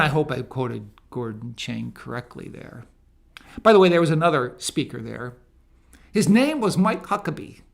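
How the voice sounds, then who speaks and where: A man from a ministry giving a spoken monologue, emphatic and rising to loud preaching peaks. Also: a little high, gravelly. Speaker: ministry speaker.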